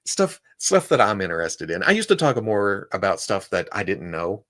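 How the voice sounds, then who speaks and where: A man's voice: on the low side, big pitch swings, moderate pace, fairly bright tone. A man with a Southern US accent chatting casually as a podcast guest, rambling through stories and laughing often. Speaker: toy content creator and podcast guest. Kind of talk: casual chat.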